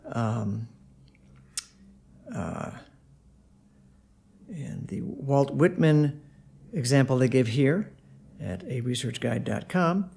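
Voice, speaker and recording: A man with a slightly high voice teaches a songwriting lesson in a casual, unscripted way. He pauses often on fillers and sounds out rhythms in short syllables as he explains. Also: expressive, creaky. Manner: halting delivery with many fillers, tapping out rhythms by voice.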